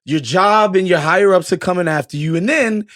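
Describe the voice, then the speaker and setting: Laid-back man, higher voice, podcast co-host. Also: fairly quick, fairly bright tone, no echo, studio quality. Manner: laid-back, thinking aloud with ums. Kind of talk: casual movie podcast chat.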